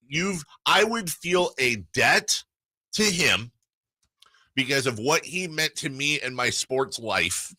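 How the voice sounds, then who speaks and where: Excitable male sports radio host. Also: fairly high pitch, dry recording. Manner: animated storyteller, excitable, quick asides. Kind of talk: casual sports talk banter. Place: radio studio.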